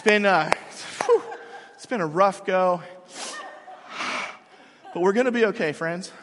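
A man's voice: high-pitched, a little slow, background noise. A man in his thirties, a pastor giving a sermon in a large hall, talking in a casual, self-mocking, conversational way.

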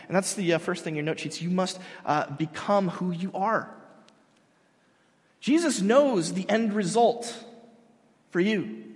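A man preaching a sermon in an animated way, acting out quotes, with frequent restarts. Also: high voice, big-room sound. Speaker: pastor.

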